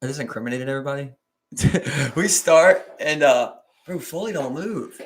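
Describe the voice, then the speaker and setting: A man's voice: medium pitch, normal speed. A man with a Baltimore accent, co-hosting a podcast, telling a story in loose casual chat, acting out his friends' lines and laughing often. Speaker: podcast co-host.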